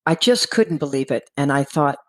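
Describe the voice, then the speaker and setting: A woman's voice: low-pitched, animated, moderate pace, a little mellow, rough recording. A middle-aged woman from Texas sharing her personal recovery story candidly, acting out the dialogue of the people in it. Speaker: guest speaker in recovery.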